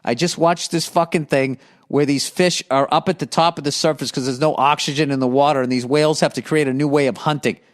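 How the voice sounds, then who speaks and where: A man's voice: a little high, steady tone, brisk, hardly any pauses. A man hosting a comedy podcast, ranting in a profane, exasperated way as he reads listener mail. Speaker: podcast host.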